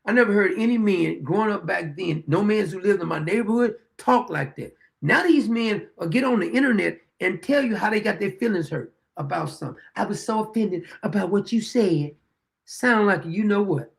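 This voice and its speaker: A man's voice: sits high, gravelly. A man hosting his own show, delivering a blunt, combative opinion monologue full of rhetorical questions and dry chuckles. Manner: dry chuckles between points. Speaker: show host.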